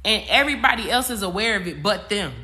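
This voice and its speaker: On a casual astrology livestream, a woman spiritual coach speaks fast in a mid-range, expressive voice that is bright and forceful, with a little hiss or hum in the audio. She talks straight at her audience, emphatic and repetitive, with slang and swearing.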